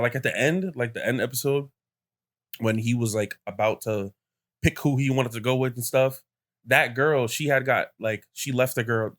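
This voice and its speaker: A young man hosting a podcast, retelling a story in casual chat, full of fillers and quoted voices. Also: medium pitch. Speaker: podcast host.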